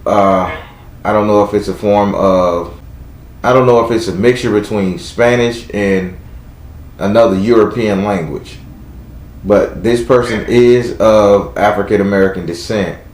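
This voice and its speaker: A man with a Southern US accent reads tarot live for a caller, blunt and chatty as he talks aloud to the spirits. His voice sits on the low side. The sound rings in an echoey room. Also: unhurried. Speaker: tarot reader. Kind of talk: live tarot reading call-in.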